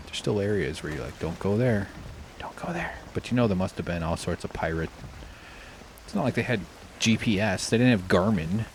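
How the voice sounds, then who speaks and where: A man's voice: low voice, a little mellow, slight background noise. A man streaming a survival game who rambles in casual commentary, swearing freely and joking at his own expense. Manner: rambling, swears freely, self-deprecating jokes.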